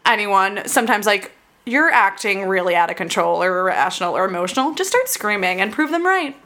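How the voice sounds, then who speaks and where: A woman's voice: medium pitch, animated, fairly quick, pushed and bright. A woman co-hosting a podcast, chatting casually and crudely about a movie and breaking into giggles. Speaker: podcast co-host. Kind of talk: casual movie-talk banter.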